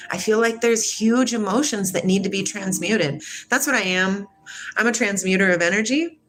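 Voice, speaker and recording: A woman's voice: mid-range voice, normal speed, a bit bright, a little hiss or hum. A woman in her forties from Washington state, musing casually and reflectively about spirituality while answering a livestream chat, laughing often. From Washington state, USA. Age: 40s.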